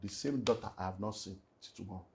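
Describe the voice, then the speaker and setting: Against a noisy background, a Nigerian man with a gravelly, fairly low voice talks fast as he tells a painful story. He is a pastor and relationship speaker giving an emotional personal testimony in an interview, animated, mixing in Nigerian Pidgin and swinging between loud and hushed.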